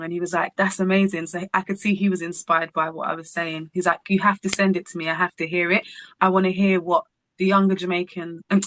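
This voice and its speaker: A woman's voice: fairly low pitch, dry recording. A woman, a singer-songwriter, telling a personal story as an interview guest and acting out the dialogue as she goes. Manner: animated, acts out dialogue in her stories.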